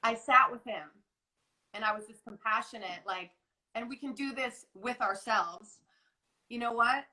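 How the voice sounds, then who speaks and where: A woman in her forties talks earnestly over a video call in a high, bright voice. She rambles with many restarts. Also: normal speed, poor audio. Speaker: guest wellness coach. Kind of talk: casual live interview chat.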